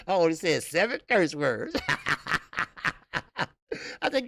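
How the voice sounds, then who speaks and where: A man's voice: high voice, huge pitch swings, very slow, pauses often, fairly bright tone, no room sound. A man hosting a casual boxing talk show, loose and profane, laughing at his own stories. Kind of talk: casual solo boxing commentary.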